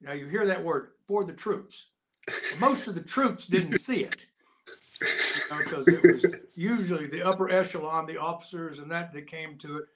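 As an interview guest, an older American actor and Navy veteran tells long, casual stories about his service in a voice pitched a little high for a man. He voices the people he quotes, switching tone quickly, and his animated delivery stays loose and conversational.

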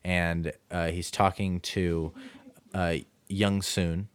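Guy with a really low voice talking movies, lots of uhs, dry close mic. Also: flat delivery, clear, resonant tone, no room sound. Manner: halting, many fillers and restarts. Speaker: podcast co-host. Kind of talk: casual film discussion.

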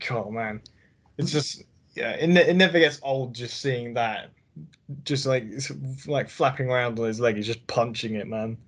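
A man's voice: mid-range voice, normal speed. Laid-back young man on a podcast. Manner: laid-back, agreeable, chuckling asides. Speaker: podcast co-host. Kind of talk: casual film review chat.

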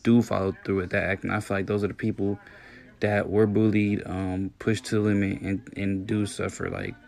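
A man's voice: lowish voice, flat delivery, moderate pace, gravelly, a little mellow. A man talking earnestly in a casual conversation.

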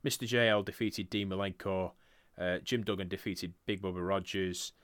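A man with a low but bright, forceful voice hosts a casual podcast chat. He swears freely and laughs often, and his smooth, clean tone sits in a dry, close recording. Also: steady tone, normal speed, no echo. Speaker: podcast host. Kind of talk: casual chat, reviewing wrestling results.

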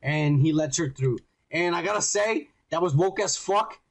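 A man riffing on a podcast in a loose, profane way, his voice a touch higher than most men's. He's animated and acts out the scenes he describes. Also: moderate pace, vocal fry. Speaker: podcast co-host. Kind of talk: casual profane chat.

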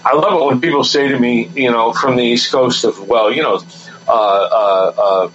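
A man's voice: mid-range voice, normal speed, fairly bright tone. History-buff man rattling off dates on radio. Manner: enthusiastic, full of dates, mimics what other people say to him. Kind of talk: radio talk show discussion. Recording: dull lo-fi radio broadcast with light noise.

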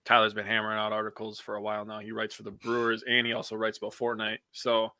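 A man co-hosting a sports podcast in casual chat, getting excited and swearing freely. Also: on the low side, fast, dry recording.

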